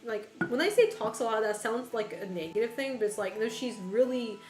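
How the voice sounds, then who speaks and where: A woman's voice: a little high, animated, brisk, darkish tone. A woman streamer chatting casually with her viewers while gaming, laughing often and swearing casually. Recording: roomy echo with faint music behind.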